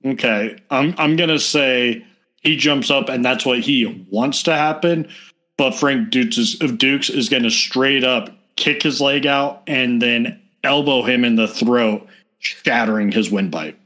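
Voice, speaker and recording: A man co-hosting a podcast, calmly laying out his side of a mock fight. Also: medium pitch, a little slow. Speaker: podcast co-host. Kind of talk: casual podcast banter.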